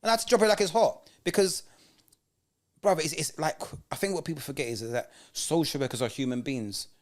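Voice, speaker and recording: A man co-hosting a casual podcast chat, telling animated stories and acting out what people said. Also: fairly high pitch, a little fast. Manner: animated storyteller, acts out quoted voices. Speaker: podcast co-host.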